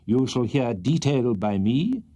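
A man voicing a pompous middle-aged male barrister who orates slowly and grandly to a jury. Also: medium pitch, big pitch swings, dark tone. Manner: grandiloquent, slow and emphatic courtroom oratory.

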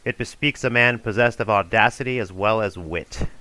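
A man's voice: fairly low pitch, normal speed, pushed and bright, no room sound. A man reading an amused ancient philosopher.

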